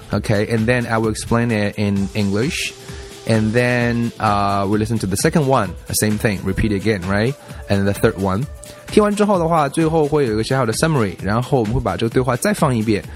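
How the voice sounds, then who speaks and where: A man teaching a lesson, explaining in a mix of Chinese and English and slowly repeating example phrases. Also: fairly low pitch, lively intonation, faint music behind. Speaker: language teacher. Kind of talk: bilingual classroom explanation.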